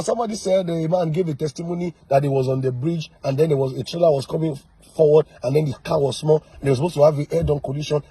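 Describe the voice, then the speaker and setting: Pastor guy preaching, husky dark voice, dry close sound, fires off rhetorical questions. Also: on the high side, no room sound, low-quality recording. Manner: emphatic, rhetorical questioning, swings loud and soft. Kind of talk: sermon.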